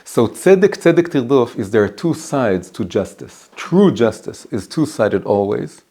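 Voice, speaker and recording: A man teaching a class as a rabbi, animated and often restarting his sentences while telling stories. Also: mid-range voice, a little slow, husky. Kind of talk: storytelling lesson. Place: private home.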